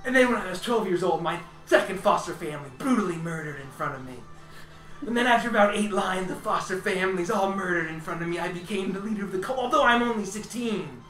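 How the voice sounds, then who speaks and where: A man's voice: high-pitched, lively intonation, quick pace, a bit bright, faint music behind. A man voicing Shitohiro, an edgy teen cult leader. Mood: grandiose. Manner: grandiose, self-pitying monologue. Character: brooding sixteen-year-old boy cult leader, melodramatic swordsman. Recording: echoey room, distant mic.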